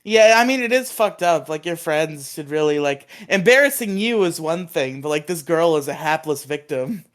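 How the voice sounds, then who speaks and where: A young man with a fairly high voice talks casually on a podcast. He recounts stories at an easy pace and keeps laughing at himself. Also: animated, normal speed, a bit bright. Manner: chatty, self-amused storytelling with frequent laughs. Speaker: podcast co-host.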